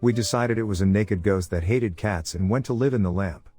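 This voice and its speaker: Man, low-pitched, horror story narrator, calm steady read, soft music underneath. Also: brisk, breathy edge, dry recording. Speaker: voice actor narrating scary stories.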